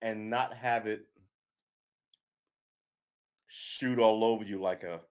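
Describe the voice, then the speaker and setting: A man's voice: on the low side, steady tone, slow pace. Rambling, chatty man on a live stream. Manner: rambling, joking, laughs often. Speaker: vlogger. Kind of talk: casual live-stream chat.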